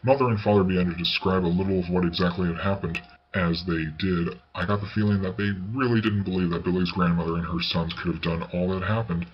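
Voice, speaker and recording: Man narrating a ghost story, deep voice, measured reading, faint hiss. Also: steady tone. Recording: slightly dull recording with faint hiss.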